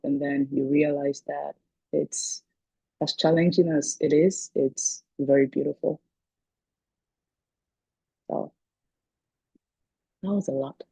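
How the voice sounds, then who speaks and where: A woman's voice: deep voice, vocal fry, warm tone, slightly rough, no echo, low-quality recording. A woman speaking as a guest on a video call, telling stories in a chatty way and laughing between points. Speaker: guest speaker, parent coach. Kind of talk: casual talk on a video call.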